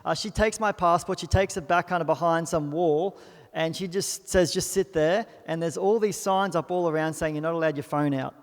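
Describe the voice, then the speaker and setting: A man's voice: on the high side, normal speed. A young Australian man preaching a sermon in a church, telling stories in a chatty, self-deprecating way. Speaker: pastor. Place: church auditorium. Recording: long hall reverb.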